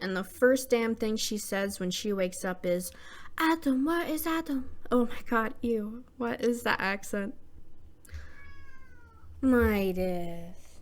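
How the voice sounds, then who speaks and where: A young woman hosting a scripted horror movie recap, irreverent and slangy, dropping muttered asides. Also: medium pitch.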